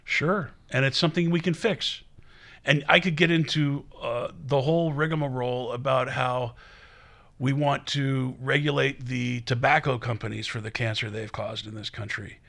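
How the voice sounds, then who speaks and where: Bright-voiced man podcast co-host. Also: mid-range voice, steady tone, normal speed, vocal fry. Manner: discursive, opinionated rambling. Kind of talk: casual chat.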